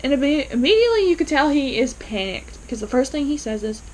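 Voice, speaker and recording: Woman, casual episode recap, animated storyteller, fairly high voice. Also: quick pace, slight background noise, low-quality recording. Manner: animated, acts out characters' lines in quotes. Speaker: TV episode reviewer.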